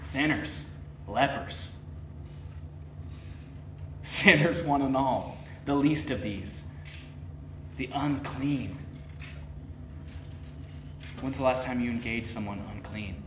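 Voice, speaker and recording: A man's voice: mid-range voice, takes it slowly, long pauses, pushed and bright, distant mic, a little hiss or hum. A man preaching a sermon in a conversational way, pressing his points with rising, emphatic questions and acting out the people he quotes. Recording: roomy echo, voice from off-mic.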